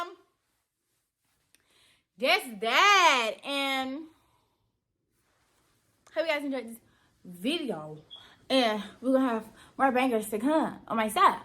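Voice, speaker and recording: A woman's voice: sits high, very animated, slow, pauses often, sharp tone. A teenage girl from Georgia, telling a story in a chatty, slangy, playful way in a casual vlog. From Georgia, USA. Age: teens. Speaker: vlogger.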